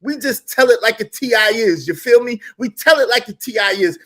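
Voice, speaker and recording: Animated, high-voiced man hosting a live stream. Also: a little fast. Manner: animated, repetitive, slangy storytelling. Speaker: YouTube live stream host. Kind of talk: casual live-stream commentary.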